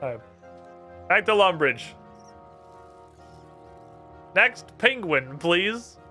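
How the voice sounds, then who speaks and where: A young man streaming a game, commenting casually with lots of swearing and excited outbursts. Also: high voice, very slow, faint music behind. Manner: profane, excitable, reads game text aloud.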